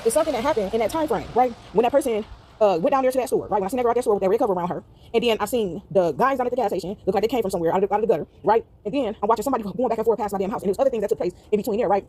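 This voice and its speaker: A woman's voice: mid-range voice, very fast, mellow. A woman vlogging a casual spiritual rant to her viewers, emphatic and tagging her points with "right?", her video sped up. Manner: sped-up playback.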